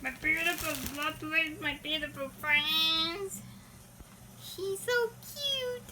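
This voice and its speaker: Woman, doting baby talk to her cat, very slow, bright and sharp tone, home vlog. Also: very high-pitched, slight background noise. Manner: doting baby talk, sing-song repetitions. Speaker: pet vlogger. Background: soft rain sound playing.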